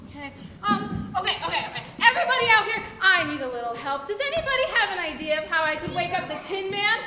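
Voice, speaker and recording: A woman's voice: very high voice, big pitch swings, quick pace, pushed and bright, heavily acted. Woman playing an eager, playful Scarecrow. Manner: chatty, coaxes the audience to join in, laughing. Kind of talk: children's stage play, audience participation. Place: school auditorium stage with live audience. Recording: echoey hall, far mic, audience noise.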